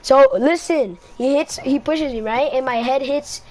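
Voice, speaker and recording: A woman with a high-pitched, slightly mellow voice speaks at a measured pace into a mic held close to her face. Her casual storytime rambles and repeats, with "right?" after most lines, and a little hiss or hum can be heard.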